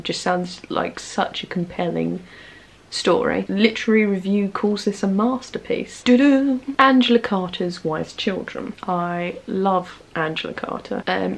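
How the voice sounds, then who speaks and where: A woman chatting enthusiastically about books she plans to read, with frequent fillers, in a casual vlog. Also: on the low side. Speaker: book vlogger. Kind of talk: casual book-haul chat.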